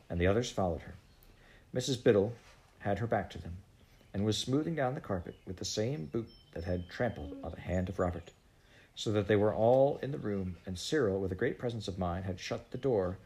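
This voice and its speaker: Low-voiced man reading a storybook. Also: a little mellow. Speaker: audiobook reader. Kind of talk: storybook narration.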